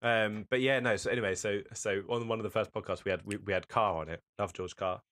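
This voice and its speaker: A man's voice: fairly low pitch, fairly even intonation, fast talker, fairly bright tone. A young man co-hosting a casual podcast, rambling and joking, slipping into film scenes. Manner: rambling, jokey, acts out film scenes in put-on voices. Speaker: podcast co-host. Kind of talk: casual chat.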